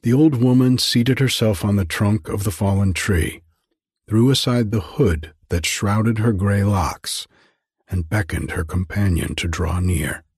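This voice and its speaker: A man reads a classic tale in measured, deliberate narration. His voice is low and heavily husky, and his pace is unhurried. The recording is dry and close, with no room sound. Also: a little mellow, no room sound. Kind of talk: scripted audiobook narration.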